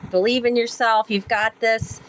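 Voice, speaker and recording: A woman voicing a calm, encouraging older male sailing mentor inside her own story, speaking in steady, simple reassurances. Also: fairly high pitch, moderate pace, a little hiss or hum, lightly acted, rough recording. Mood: reassuring.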